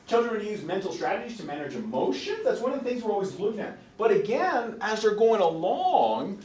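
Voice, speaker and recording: A man giving a psychology lecture to a class, lively and expressive, often acting out voices of children and parents. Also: high voice, fairly quick, slight background noise. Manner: animated, acts out quoted voices. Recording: echoey classroom from a distance.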